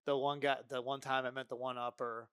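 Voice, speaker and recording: A man's voice: mid-range voice, brisk, clean tone, dry recording. Man, casual storyteller, acts out dialogue, dry studio sound. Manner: animated, acts out dialogue, frequent "right?". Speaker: podcast guest.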